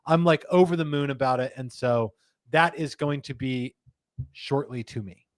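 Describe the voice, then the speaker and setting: A man hosting a live stream, talking in a chatty, rambling and animated way. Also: medium pitch, normal speed, no room sound. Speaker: host.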